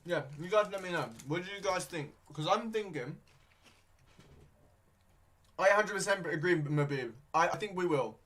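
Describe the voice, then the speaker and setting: Higher-voiced man rambling about football. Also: lively intonation, moderate pace, long pauses, a bit bright. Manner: rambling, hesitant, many fillers; talking with his mouth full at times. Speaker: football watchalong streamer. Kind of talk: casual live match commentary.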